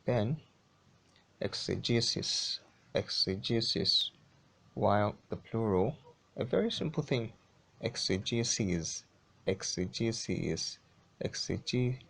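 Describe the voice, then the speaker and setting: A man with a fairly low voice gives an English pronunciation lesson at a very slow, deliberate pace. He drills each word by repeating it several times. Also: lively intonation, vocal fry, fairly bright tone, slightly rough. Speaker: English teacher.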